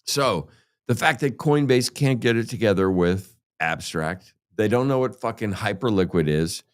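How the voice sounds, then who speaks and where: A man's voice: fairly low pitch, animated, moderate pace. A man hosting a crypto show, ranting heatedly and sarcastically with constant swearing. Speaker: crypto podcast host. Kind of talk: profane ranting monologue.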